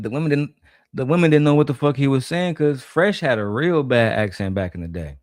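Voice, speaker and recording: A man's voice: mid-range voice, animated, a little fast, no echo, clean studio sound, faint music behind. A man hosting a reaction video, giving mocking, slangy commentary on a debate clip.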